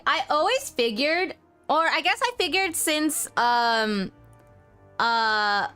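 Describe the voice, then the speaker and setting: A woman streamer thinks aloud as she plays, circling back and restarting her sentences. Her voice is bright and high. Game music plays faintly behind her. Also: clear, resonant tone. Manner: rambling, restarts, swears. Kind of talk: casual game commentary.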